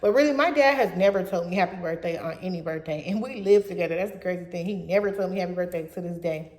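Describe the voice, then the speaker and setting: A woman's voice: on the low side, quick pace. Blunt, profane young woman, roomy sound. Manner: profane, blunt, animated retelling. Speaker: vlogger. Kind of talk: casual storytime. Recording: roomy echo.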